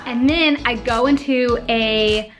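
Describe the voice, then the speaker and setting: A woman's voice: a little high, slow, soft background music. A young adult woman vlogger telling her trip story in a casual voice-over, chatty and full of fillers.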